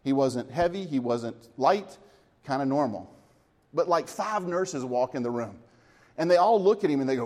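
A man's voice: medium pitch, expressive, moderate pace, darkish tone. Chatty storytelling man preaching. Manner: conversational storytelling with light humor. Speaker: church elder preaching. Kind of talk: sermon.

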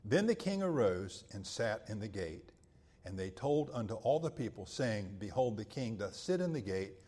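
A man preaching a sermon and reading scripture, with emphatic, drawn-out phrases that swell loud and then drop to a hush. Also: lowish voice, very animated, slightly rough. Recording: long hall reverb.

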